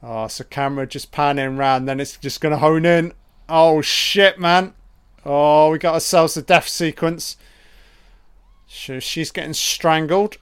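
Guy swearing his way through a horror film commentary, kinda high voice, takes his time. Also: measured pace, smooth. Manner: profane, excitable, keeps calling the characters love and baby. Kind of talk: crude live film commentary.

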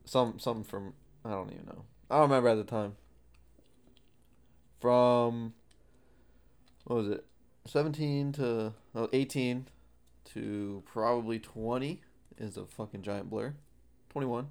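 Laid-back young podcast co-host. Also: male voice, medium pitch, unhurried, vocal fry, long pauses, a little mellow. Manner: laid-back, short replies, casual swearing. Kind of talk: casual chat.

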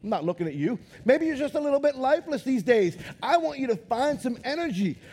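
Excitable pastor guy preaching in church, real high husky voice, gets loud and animated. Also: a little fast. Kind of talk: lively sermon. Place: church auditorium.

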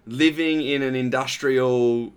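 A man's voice: medium pitch, steady tone, slow pace, clean tone. A man hosting a casual interview, rambling and heartfelt with friendly slang. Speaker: podcast host.

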